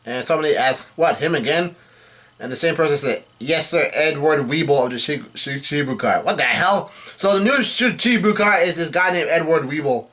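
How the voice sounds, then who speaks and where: A man's voice: a little high, expressive, fairly bright tone. A man giving a casual read-through of a comic chapter, relaying the characters' lines in a plain voice and often correcting himself as he goes. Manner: halting, self-correcting delivery. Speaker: manga chapter recapper.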